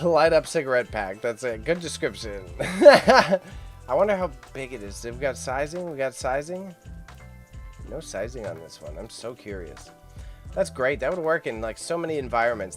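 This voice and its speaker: Young male live-stream host, loose and chatty, faint music underneath. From Canada. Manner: chatty, swearing, laughing often, pitch jumps when excited. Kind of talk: casual live-stream chat.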